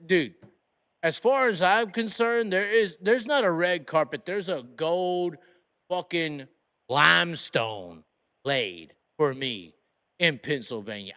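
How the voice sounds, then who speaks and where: A man's voice: high voice, sharp tone, clear, resonant tone. Rambling, swearing man in casual chat. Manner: rambling, profane, full of restarts and "like".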